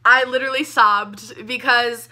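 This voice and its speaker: A young woman gushing about a book she loved, talking casually and excitably with lots of "like" fillers. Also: fairly high pitch, measured pace. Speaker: book reviewer.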